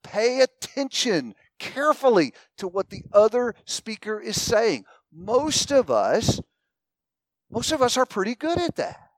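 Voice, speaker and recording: A male teacher with a high voice carries his talk with animated, wide-ranging inflection. He tells his points as little scenes and turns to the audience with questions. The sound is close and dry, with no room around it. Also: measured pace, no echo. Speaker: speaker teaching a class. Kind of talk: teaching talk with acted-out anecdotes.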